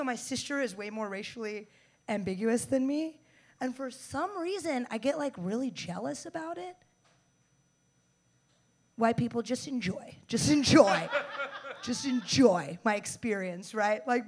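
A woman in her twenties from the United States performing a stand-up set, brash and profane, with loud bursts and mock-tough asides. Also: fairly high pitch, animated, moderate pace. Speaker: stand-up comedian.

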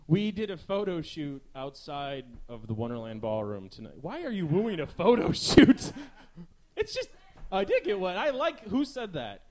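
A man's voice: mid-range voice, a little mellow. A man hosting a live comedy talk show, delivering a rambling, sarcastic stand-up monologue.

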